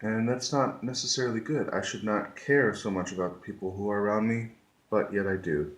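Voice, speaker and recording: A man talking to the camera in a slow, earnest way, repeating his points for emphasis. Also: on the low side, roomy sound. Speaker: vlogger. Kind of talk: reflective talk to camera.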